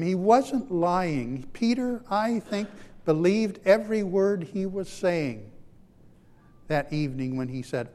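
A male pastor delivers a dramatic sermon, rising to loud, emphatic lines and then dropping to near-hushed ones. His voice sits a little higher than most men's. It rings out with the long reverb of a large hall. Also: unhurried.

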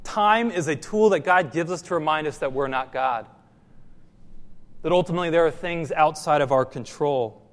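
A man's voice: a little high, normal speed, long reverb tail. A man preaching a sermon as pastor, asking the congregation questions and repeating phrases for emphasis.

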